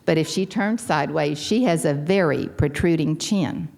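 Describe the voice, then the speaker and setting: A Texan woman in her sixties telling her personal story at a convention with wry, self-deprecating humor and sudden lively leaps in pitch. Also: normal speed, gravelly. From Texas. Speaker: convention speaker sharing her recovery story.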